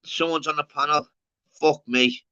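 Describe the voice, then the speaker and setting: A man's voice: fairly high pitch, fairly even intonation, moderate pace, bright, forceful tone, smooth, dull audio. A man hosting a live stream, rambling and swearing in casual chat, calling everyone lad. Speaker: livestream host.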